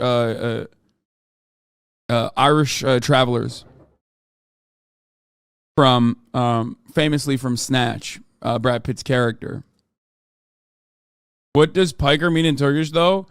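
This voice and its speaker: Male streamer from the US, casual reaction chat, profane and animated, slightly high voice. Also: clear, resonant tone, no room sound, clean studio sound. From United States.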